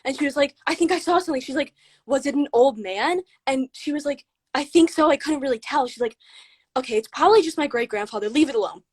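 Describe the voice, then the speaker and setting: A young woman, a guest on a livestream, tells a ghost story in a rushed, excited way, full of "like". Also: sits high, no echo. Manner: excited, rushed telling with many "like"s.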